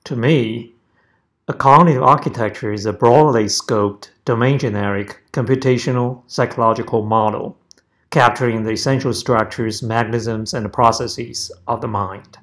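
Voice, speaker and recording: A professor giving a prepared lecture, speaking in measured, deliberate phrases. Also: male voice, medium pitch, fairly even intonation, a bit bright. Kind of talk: prepared academic presentation.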